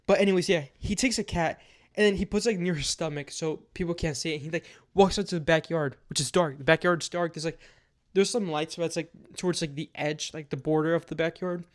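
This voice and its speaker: In a loose storytime, a young man with a slightly high voice recounts a wild night, rambling along with lots of filler words and casual swearing. His tone stays steady and his pace fairly quick.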